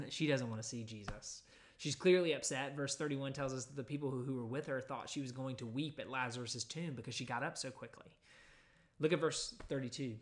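Man preaching a conversational sermon. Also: mid-range voice. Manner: conversational teaching with frequent fillers, reading scripture aloud. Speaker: pastor.

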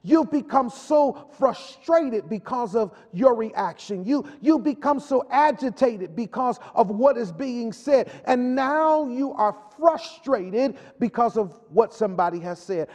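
A man's voice: very high voice, expressive, measured pace, a little mellow. A male pastor preaching a sermon with a repetitive, call-and-response delivery. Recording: long hall reverb.

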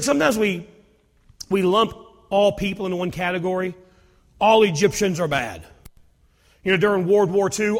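A man preaching a sermon, telling Bible stories in an animated way, acting out dialogue and repeating himself. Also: high-pitched, in a large hall. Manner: animated storytelling with acted dialogue and repetitions.

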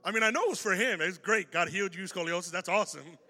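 A male pastor telling a story in a sermon, lively and animated, acting out the voices of the people in it. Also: sits high, fast talker. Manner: animated, acts out dialogue in the story. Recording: long hall reverb with faint music.

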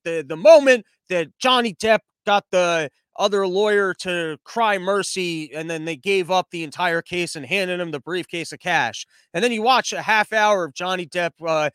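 High-voiced sarcastic male podcast host. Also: a bit bright, clean tone, no room sound. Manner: sarcastic, rambling, tangent-prone. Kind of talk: comedic monologue.

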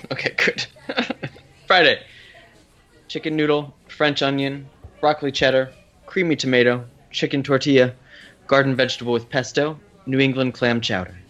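A man's voice: medium pitch, steady tone, normal speed, a bit bright, dull audio. A man reading a menu aloud in a casual group, adding dry, wry asides.

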